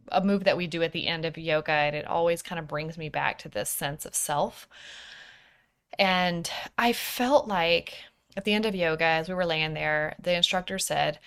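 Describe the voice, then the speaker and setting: Woman, 30s, podcast host, soft and introspective, slightly low voice, occasional whispers. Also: clean tone. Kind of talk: personal reflective podcast monologue.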